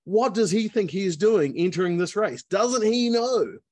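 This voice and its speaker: A man's voice: sits high, expressive, unhurried, darkish tone, no echo, pitched above the performer's own voice. A man voicing a group of cocky young male racers who scoff and sneer. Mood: mocking.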